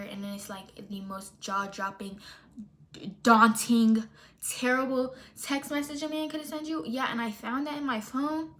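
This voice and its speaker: A young woman telling a storytime in a casual, animated and sassy way, with exaggerated retellings. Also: a little high. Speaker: storytime vlogger.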